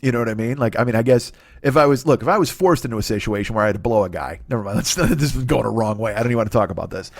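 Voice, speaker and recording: A man in his forties hosting a solo comedy podcast, rambling and crude, breaking off his own sentences and slipping into quick voices. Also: mid-range voice, vocal fry, no echo. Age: 40s. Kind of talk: solo comic monologue.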